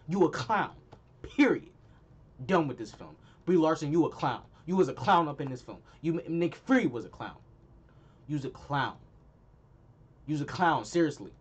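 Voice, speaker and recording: A young man with a slightly high voice rants through a casual review on his own channel. He talks in heavy slang and repeats his put-downs for emphasis. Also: breathy edge. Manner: slangy, heated and emphatic, repeats lines for effect. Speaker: movie reviewer, channel host.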